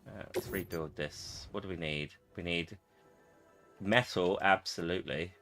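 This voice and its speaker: A man's voice: deep voice, unhurried, a bit bright, soft background music. Chatty man streaming a game. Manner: chatty, greets chat viewers, mutters while playing. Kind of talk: casual live-stream chat while gaming.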